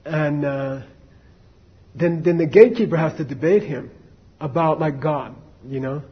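Man, husky voice, slightly high pitch, informal dharma talk, lo-fi sound. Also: unhurried. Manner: conversational, many fillers and asides to the audience. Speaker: Buddhist teacher. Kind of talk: casual dharma talk, storytelling.

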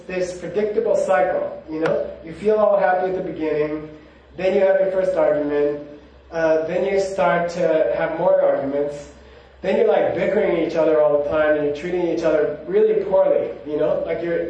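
Here a monk with a fairly high, mellow voice chats informally about spiritual matters, drifting between personal anecdotes and sprinkling in plenty of "you know"s. A distant mic picks him up in a room full of echo.

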